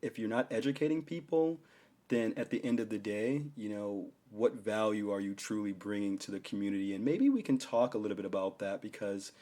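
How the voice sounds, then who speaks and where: A man hosting a casual podcast interview, warmly affirming his guest and asking long, winding questions. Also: fairly low pitch, fairly quick. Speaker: podcast host.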